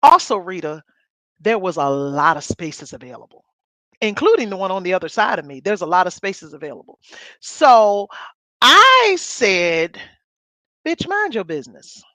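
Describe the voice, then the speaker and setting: A middle-aged woman, co-hosting a podcast and telling a story in a loud, blunt, animated way. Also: mid-range voice, normal speed, no room sound. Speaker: podcast co-host. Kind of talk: casual storytelling chat.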